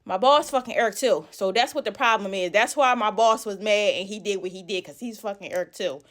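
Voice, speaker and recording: A woman's voice: medium pitch, a little fast. A woman telling a story in a casual vlog, blunt and full of swearing, a little out of breath. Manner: animated, blunt, swears a lot, drops into quiet asides.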